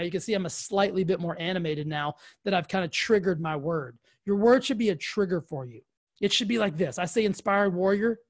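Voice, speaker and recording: A man giving an energetic, emphatic motivational talk to camera as a coach, often repeating his words for emphasis. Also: sits high. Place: indoors, filmed for video.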